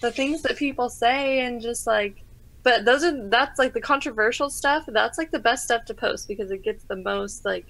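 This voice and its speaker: A woman's voice: fairly high pitch, normal speed, a bit bright. A young woman co-hosting a podcast, chatting casually and rambling with many fillers. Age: young adult. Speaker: podcast co-host. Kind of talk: casual chat.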